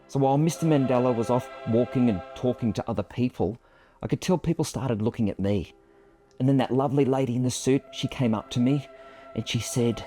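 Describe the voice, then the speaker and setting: A man's voice: mid-range voice, a little fast, music in the background. A man in his fifties, a photographer, telling a personal story to camera in a reflective, self-deprecating way.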